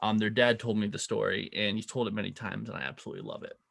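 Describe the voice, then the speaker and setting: A man co-hosting a casual podcast, telling a story and acting out the people in it with lively quoted voices. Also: lowish voice, fast, vocal fry. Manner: animated, acts out quoted voices. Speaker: podcast co-host.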